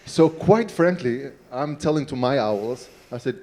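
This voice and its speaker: A man, a city mayor on a panel, telling an anecdote in a relaxed way with many fillers. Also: medium pitch, unhurried.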